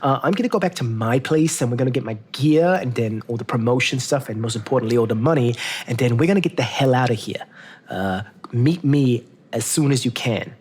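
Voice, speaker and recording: A man voicing a brash, loud-mouthed male fight manager who swears and blusters. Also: mid-range voice, fairly quick, slightly rough, lightly acted.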